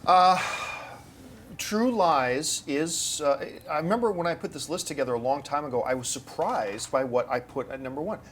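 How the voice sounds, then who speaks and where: A man hosting a casual movie news panel, arguing his points with animated bursts of emphasis. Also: on the high side, normal speed, slight background noise.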